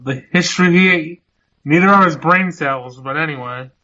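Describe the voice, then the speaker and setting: Bright-voiced man dropping dry quips. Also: fairly high pitch, a little slow, dull audio. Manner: dry wisecracking interjections. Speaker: podcast co-host. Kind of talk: casual wrestling recap chat.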